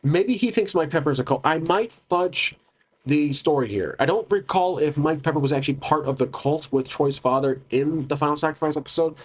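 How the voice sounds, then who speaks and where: A man's voice: on the high side, fairly quick. Man thinking aloud through a solo tabletop game. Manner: thinks aloud, hesitant, with many restarts.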